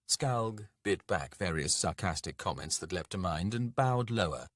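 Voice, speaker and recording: A man narrating a dark fantasy audiobook in a measured, dramatic way. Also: sits low, lively intonation, dry recording, studio quality.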